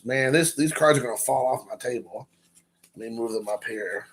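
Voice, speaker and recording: Guy rambling and joking with his stream chat, gravelly voice, sharp bright tone. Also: on the high side, fairly quick. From Kentucky. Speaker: live stream host. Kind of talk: casual live-stream chat with viewers.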